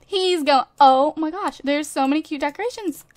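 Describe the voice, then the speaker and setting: A gaming YouTuber comments casually on a life-simulation game, bubbly and chatty, gushing at her viewers and laughing frequently. Her voice sits high at a moderate pace, recorded dry through a desk USB microphone.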